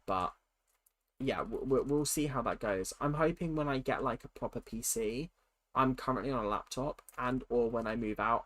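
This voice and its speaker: Chatty streamer with a cold. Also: male voice, medium pitch, a bit bright. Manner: chatty and candid, answering questions as they come. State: has a cold. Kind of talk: casual livestream chat, reading viewer questions aloud.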